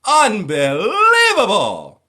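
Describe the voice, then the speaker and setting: Flamboyant radio showman, shrill and squealing, high and wild, swooping all over. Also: wildly swooping pitch, bright, forceful tone, full character voice. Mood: hyped. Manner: shrill, squealing, rapid-fire hype. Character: flamboyant shrieking male radio showman, hyper.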